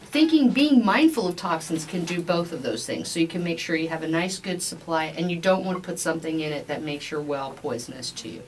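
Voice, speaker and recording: A woman's voice: fairly low pitch, poor audio. A woman, a medical doctor, talking casually as a podcast guest, with lots of fillers and restarts. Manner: chatty, many fillers and restarts.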